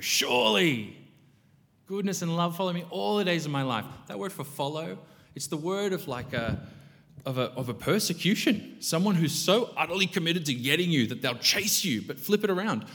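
A man preaching a sermon as pastor, animated and swinging between loud emphatic bursts and quiet reflective stretches. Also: mid-range voice. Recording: long hall reverb.

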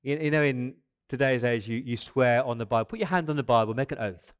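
A man's voice: mid-range voice, a little fast, clear, resonant tone. Man in his fifties preaching conversationally. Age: 50s. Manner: lively, conversational preaching with asides and restarts. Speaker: pastor. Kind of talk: sermon.

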